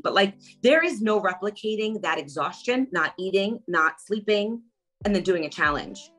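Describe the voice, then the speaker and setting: A middle-aged woman talking as an interview guest, chatty and animated, packing her stories with "like". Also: fairly low pitch, rough recording. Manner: chatty, animated storytelling, lots of "like". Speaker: interview guest, former reality show contestant. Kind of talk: casual interview chat.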